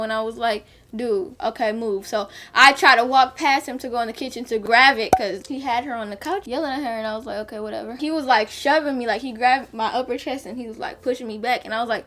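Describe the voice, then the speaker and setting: Young woman, kinda high voice, storytime vlog, super candid and animated. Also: fairly quick, hardly any pauses. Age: young adult. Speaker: vlogger. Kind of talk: storytime chat while doing makeup.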